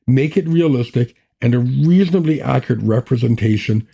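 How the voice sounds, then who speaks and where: A man hosting a writing podcast, giving a scripted lesson in a measured, matter-of-fact way. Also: medium pitch, vocal fry, mellow, breathy edge. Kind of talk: scripted teaching talk.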